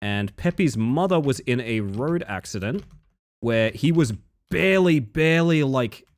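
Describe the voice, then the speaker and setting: A young man with an Australian accent chats casually with his live audience, his voice bouncing through a lively pitch range. He rambles from joke to joke and swears freely. The sound is close and dry, with no room around it. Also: a little slow, dry recording. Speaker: streamer.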